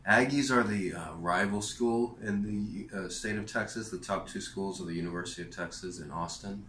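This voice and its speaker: A man with a very deep voice tells a loose, rambling personal story straight to camera. He stops and restarts his sentences and leans on fillers, and the sound has a roomy echo. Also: moderate pace, a bit bright, a little hiss or hum. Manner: meandering, many fillers and restarts. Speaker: vlogger.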